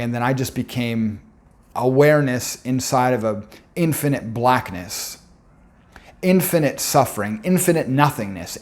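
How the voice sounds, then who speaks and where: A man's voice: medium pitch, darkish tone. A young man telling a personal story in an earnest, intense way, often stopping to restart his words.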